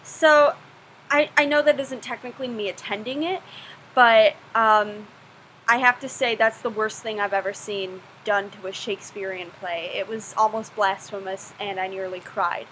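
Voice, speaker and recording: A woman's voice: medium pitch, fairly even intonation, normal speed, fairly bright tone, a little hiss or hum, poor audio. A young woman answering viewer questions in a casual vlog, chatty and self-deprecating, gushing about things she loves.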